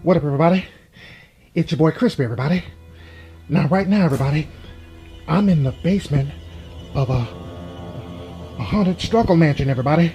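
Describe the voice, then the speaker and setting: A man's voice: fairly high pitch, a little fast, long pauses, faint music behind, close to an everyday voice. A man doing jumpy scared ghost-hunting vlogger. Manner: ends nearly every sentence with "everybody"; fearful, hushed narration.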